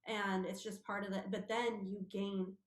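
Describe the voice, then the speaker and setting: A woman talks through her experiences on a radio show, acting out what people said to her. Her voice sits at an ordinary pitch. The room around her rings with echo. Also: a little slow. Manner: animated storyteller, acting out quotes. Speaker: guest, intuitive medium. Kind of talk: casual radio interview.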